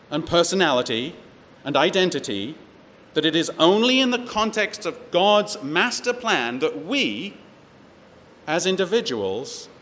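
A man's voice: on the high side, fairly bright tone. Man teaching scripture in an echoey hall. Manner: expository, reads verses then explains, rhetorical questions. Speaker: preacher teaching a Bible class. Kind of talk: sermon-style Bible teaching. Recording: echoey hall with faint ambient noise.

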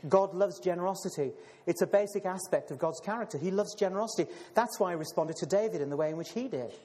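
Fast and warm in tone, this high-pitched preacher reads from scripture and calls his listeners brothers and sisters. He repeats words often and leans on fillers. The sound carries a long hall reverb.

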